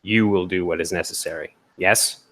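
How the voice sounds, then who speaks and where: A man voicing a calm, resolute helmeted construct guardian in a tabletop game, speaking quietly and evenly. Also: sits low. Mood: quiet resolve. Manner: quiet, measured.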